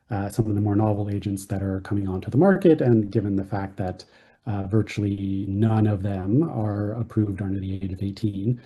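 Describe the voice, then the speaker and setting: A man giving a conference research talk in a very dark, husky voice. He pauses often, filling the gaps with ums and uhs. His pitch sits a little low. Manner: hesitant, many ums and uhs. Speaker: presenting physician researcher.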